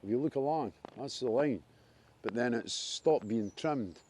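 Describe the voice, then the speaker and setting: A Scottish vlogger walks through a wooded park, chatting casually and enthusiastically about trees and nature in a rambling way. His medium-pitched, darkish voice moves a little slowly with lively intonation, and there's slight background noise.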